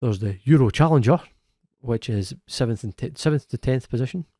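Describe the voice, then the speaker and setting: A man's voice: medium pitch, expressive, dark tone, no echo, clean studio sound. A man co-hosting a football podcast in a casual, chatty way, often restarting his sentences. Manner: chatty, self-correcting, quick laughs. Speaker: podcast co-host. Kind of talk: casual chat.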